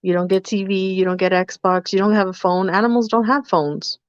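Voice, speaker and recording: A woman's voice: medium pitch, fairly even intonation, normal speed, no room sound. A woman co-hosting a podcast in casual chat, telling a story and acting out both sides of the dialogue. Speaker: podcast co-host. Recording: dull, dry lo-fi sound.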